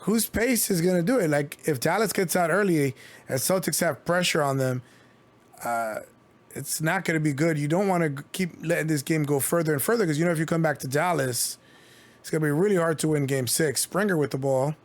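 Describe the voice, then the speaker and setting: A man streams live basketball commentary, calling plays in a casual, chatty way and slipping jokey asides between them. His voice is a little high and fairly quick.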